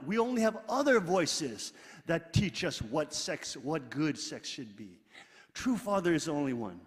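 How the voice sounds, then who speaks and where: Middle-aged male pastor, high voice, emphatic sermon delivery, long hall reverb. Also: big pitch swings, measured pace. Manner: emphatic, swings between loud exclaiming and quiet asides; leads the congregation in reading scripture aloud.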